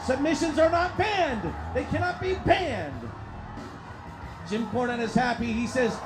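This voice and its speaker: A man hosting a live stream and commentating wrestling in an excitable, profane way that hollers at the action. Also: very high-pitched, unhurried, shouting. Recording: crowd noise and music behind.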